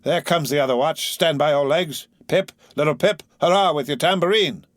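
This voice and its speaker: A man's voice: fairly high pitch, moderate pace, dry recording, clean studio sound, voice pushed up, close to an everyday voice. A man voicing rowdy male sailors who hail and bellow across the deck. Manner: hearty, bellowing. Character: loud rowdy male sailors calling the watch.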